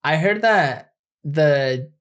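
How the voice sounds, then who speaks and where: A man's voice: on the high side, expressive, extremely slow, a bit bright. A man co-hosting a casual podcast chat, laid-back and slangy, laughing often and breaking into silly impressions. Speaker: podcast co-host.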